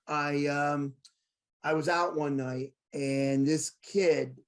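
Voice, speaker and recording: An excitable man hosts a sports talk show and tells a long story about arguments with fans. His voice sits a little high, and he leaps up whenever he acts out what other people said. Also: slow. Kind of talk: animated storytelling in casual chat.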